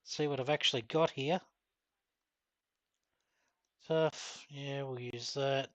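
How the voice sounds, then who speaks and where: A man's voice: mid-range voice, steady tone, slow pace, fairly bright tone, dry recording. Chatty Australian man, dry close mic. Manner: chatty, reads out and answers viewer comments. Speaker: gaming streamer. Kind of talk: casual live-stream chat while gaming.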